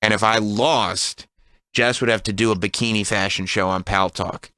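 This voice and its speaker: A man in his thirties telling a funny story on a radio talk show, animated and laughing often. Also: lowish voice, normal speed, no room sound, studio quality. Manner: animated, laughs often, mimics voices in quotes.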